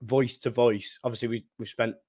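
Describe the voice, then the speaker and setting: A man's voice: medium pitch, flat delivery, moderate pace, a little mellow. A man hosting a football podcast in a chatty, casual way, laughing between phrases. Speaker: podcast host.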